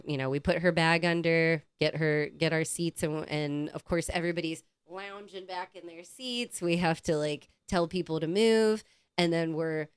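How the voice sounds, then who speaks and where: A woman co-hosting a podcast, telling a casual story in a lively, swearing, animated way and acting out the quotes. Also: fairly low pitch, smooth, no echo. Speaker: podcast co-host.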